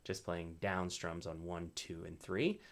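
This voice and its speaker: Unhurried and low-pitched, a man offers a relaxed, explanatory talk on ukulele rhythm. Between phrases he strums, and he frequently checks in with listeners by saying "right?"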